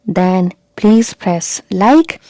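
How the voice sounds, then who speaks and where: Speaking extremely slowly, a woman teaching English on a video channel repeats her main points and frequently asks if the listener got it. Her voice is medium-pitched, animated and warm. There is no echo.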